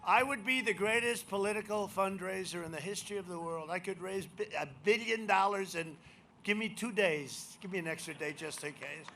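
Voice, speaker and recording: Politician at a podium mic, high bright voice, boastful rambler, loud one moment and muttering the next. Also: male voice, fairly quick, slight background noise. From United States. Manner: boastful, rambling, repeats himself, swings from shouts to mutters. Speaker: president speaking as a candidate. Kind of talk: campaign rally speech. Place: rally venue.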